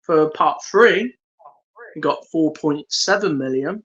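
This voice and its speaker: A man co-hosting a podcast, sharing trivia in a relaxed way, recorded on a phone. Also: on the high side, slow pace, muffled recording. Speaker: podcast co-host. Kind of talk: casual chat.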